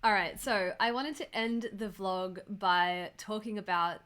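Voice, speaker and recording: A woman's voice: mid-range voice, a little slow, background noise. A young woman telling a story in a casual vlog, rambling and peppering her talk with "like". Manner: rambling, many "like"s, animated. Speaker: reaction vlogger.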